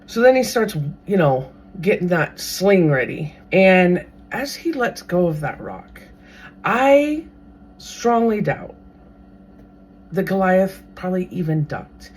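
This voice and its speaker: A podcast host retelling a Bible story in a casual, animated way, now and then acting out what the characters might think. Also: medium pitch, takes it slowly, husky. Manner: animated, briefly acts out characters' thoughts.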